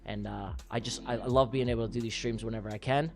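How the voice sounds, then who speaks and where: A man from New York hosting a trading livestream, calling mock races in a rambling, excitable way before winding down, out of breath. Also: mid-range voice, fast, creaky, soft background music. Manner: excitable, rambling, repeats himself. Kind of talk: livestream chat and race commentary.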